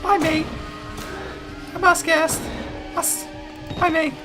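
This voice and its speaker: A man's voice: very high-pitched, level tone, takes it slowly. A man commentating a horror game, muttering and swearing nervously to himself. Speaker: let's play gamer. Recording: game music behind voice.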